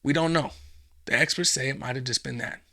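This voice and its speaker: A man's voice: medium pitch, a little fast, sharp tone. A man hosting a podcast, delivering a profane, sarcastic, rambling comedic monologue. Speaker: podcast host.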